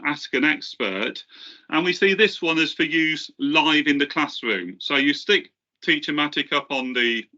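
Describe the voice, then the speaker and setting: On a webinar, a presenter from the software team walks through a demo in a mid-range voice that is bright and a little forceful. His delivery is halting, full of ums and restarted phrases. The call audio comes across slightly dull and lo-fi.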